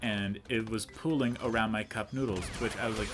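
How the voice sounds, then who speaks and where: Young man, low voice, casual gameplay commentary, rambling, self-mocking, faint music behind. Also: steady tone, normal speed. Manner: rambling storyteller, chatty and self-mocking, talks to the game. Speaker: let's play commentator.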